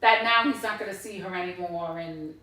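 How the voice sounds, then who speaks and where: A woman's voice: on the low side, brisk. A middle-aged woman co-hosting a casual podcast, telling stories with lots of swearing and acted-out quotes. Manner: animated, swearing, acts out quotes. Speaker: podcast co-host. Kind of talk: casual chat, storytelling. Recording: echoey room, distant mic.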